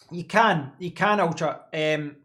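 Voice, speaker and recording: A man with a somewhat bright, higher voice hosts a casual live stream from his home office desk. He answers chat in a rambling way, repeating words as he thinks.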